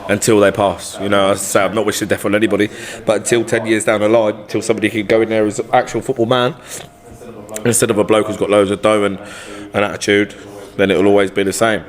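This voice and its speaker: A man's voice: on the low side, little pitch movement, fast. A man, a football manager and podcast guest, telling stories from his career in a blunt, sweary, colloquial way. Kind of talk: casual storytelling chat.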